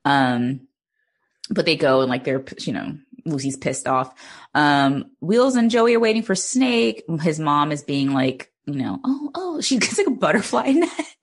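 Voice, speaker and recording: A woman's voice: low voice, animated, a little slow. A woman co-hosting a podcast, recapping a TV episode in casual chat, often laughing, swearing and acting out the characters. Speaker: podcast co-host.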